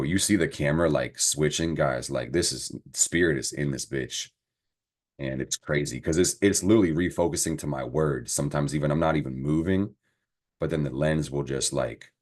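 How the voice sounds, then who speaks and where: A man giving a casual astrology and tarot reading to camera, talking in a slangy, profane, encouraging way. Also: rumbling low. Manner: slangy, profane, animated pep talk.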